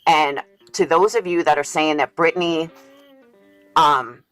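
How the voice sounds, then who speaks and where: An earnest speaker in a replayed stream clip comments casually and explains points with examples. The mid-pitched voice sounds dry and close, with faint music underneath. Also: fairly even intonation, unhurried, a bit bright, smooth, dry recording, rough recording.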